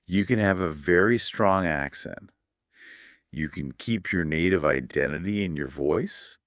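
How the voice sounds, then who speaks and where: A man hosting a podcast, explaining English pronunciation in a calm, measured scripted teaching dialogue. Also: low-pitched, dry recording, clean studio sound.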